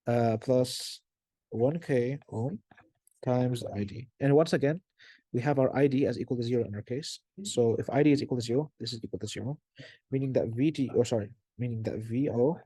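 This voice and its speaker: A man's voice: medium pitch, dark tone, breathy edge, no room sound. A young man tutoring as he works through a circuit problem, thinking aloud with frequent fillers and self-corrections.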